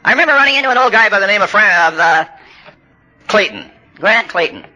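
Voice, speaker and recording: A man's voice: high voice, lively intonation, a little fast, pushed and bright. An older man speaking at a recovery workshop, telling humorous stories that build to punchlines, with blunt, salty language. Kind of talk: storytelling talk at a recovery workshop.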